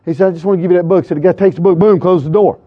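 Male preacher, high voice, emphatic storytelling sermon, muffled lo-fi capture. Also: steady tone, very fast. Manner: emphatic, swings from hushed to shouted peaks. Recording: dull lo-fi sound.

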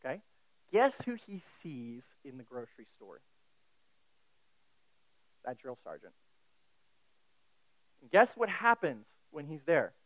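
High-voiced man preaching. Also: very animated, takes it slowly, pauses often, no echo, low-quality recording. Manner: conversational, asks the listeners questions. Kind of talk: sermon.

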